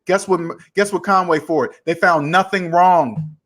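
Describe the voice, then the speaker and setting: Animated man telling a story. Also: high voice, unhurried. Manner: animated, retells arguments with quoted dialogue. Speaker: personal finance channel host. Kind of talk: casual storytelling to camera.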